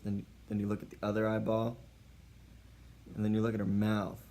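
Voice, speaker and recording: A man with a lowish voice delivering tongue-in-cheek dating tips. He keeps a mock-serious, playful tone throughout. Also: completely flat delivery, moderate pace, warm tone. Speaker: comedic advice host. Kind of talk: mock dating-advice comedy monologue.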